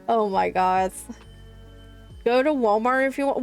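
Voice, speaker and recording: A woman's voice: a little high, measured pace, gravelly, pauses often, faint music behind. A young woman from South Carolina with a Southern accent, chatting to her stream chat in a rambling way. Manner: chatty, rambling, many likes. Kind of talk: casual chat with live chat.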